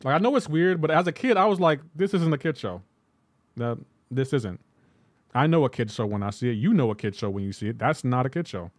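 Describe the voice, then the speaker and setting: This gaming livestreamer is loose and chatty as he plays, talking back to his viewers and peppering everything with "like." The recording is dry, and his medium-pitched, expressive voice races along with hardly any pauses.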